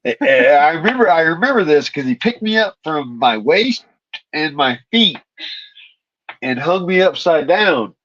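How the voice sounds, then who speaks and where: A man with a fairly high voice tells a wild, foul-mouthed story and laughs along. The audio is dull and lo-fi, with a dry, close sound. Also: measured pace, no room sound. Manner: profane, animated, laughing. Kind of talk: casual storytelling chat.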